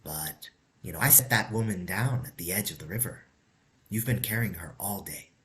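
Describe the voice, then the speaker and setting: Man doing a chill old monk teacher, soft, mild, low-ish voice. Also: expressive. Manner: mild, unhurried, soft-spoken. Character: calm older male monk, gentle teacher.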